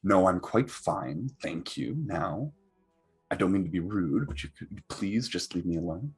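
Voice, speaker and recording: A man's voice: low-pitched, animated, measured pace, breathy edge, exaggerated voice. A man voicing a jumpy, secretive male stranger who stammers and answers in a stiff, formal way, in a tabletop role-play. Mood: curt.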